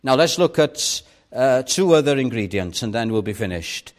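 A man preaching a sermon, earnest and measured, with dramatic pauses on key words. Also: medium pitch, lively intonation.

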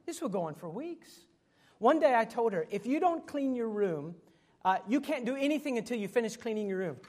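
A man's voice: very high-pitched, sing-song, brisk, darkish tone. A middle-aged man preaching a sermon as pastor, earnest, acting out quoted voices and dropping to sudden whispers.

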